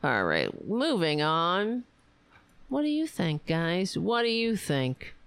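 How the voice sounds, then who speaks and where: A woman's voice: fairly low pitch, huge pitch swings, slow pace, smooth, dry recording. A woman hosting her own political commentary show, sarcastic and profane, ranting with asides and laughing at her own jokes.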